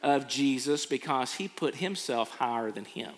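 A man's voice: mid-range voice, animated, normal speed. A man preaching a sermon, earnestly acting out people's reactions. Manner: earnest, acts out quoted reactions. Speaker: pastor. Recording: long hall reverb.

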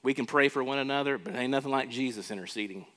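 A man's voice: medium pitch, rapid-fire, fairly bright tone. A man preaching a sermon, emphatic and questioning his congregation, repeating words as he builds each point. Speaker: pastor.

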